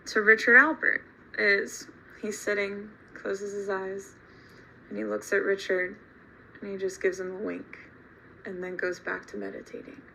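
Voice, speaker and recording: A woman teacher telling a story to her class in an animated, emphatic way. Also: mid-range voice, gravelly, slight background noise, rough recording. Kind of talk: storytelling lesson.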